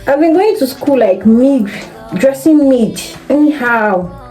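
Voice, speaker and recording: A young woman, chatting excitedly to viewers in a casual vlog from her kitchen, recorded on a propped-up phone. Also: high-pitched, measured pace, poor audio. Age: young adult. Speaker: student vlogger. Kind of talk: casual vlog chat to camera. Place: home kitchen, indoors. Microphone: phone camera propped up nearby. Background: background music.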